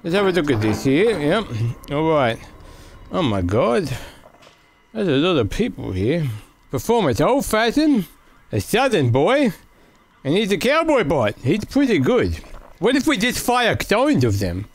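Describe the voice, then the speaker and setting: A man playing a VR office game and joking through it as he goes, excitable and goofy, with sudden yelps and shouts. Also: high voice, measured pace. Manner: jokey, mock-serious asides to the viewers. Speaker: gaming video creator.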